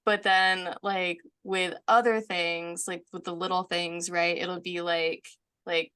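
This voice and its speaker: A woman's voice: lowish voice, level tone, slow pace, sharp tone, smooth. A woman from the United States, a guest chatting casually, with many "like" fillers and frequent laughs. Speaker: author guest. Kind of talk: casual conversation.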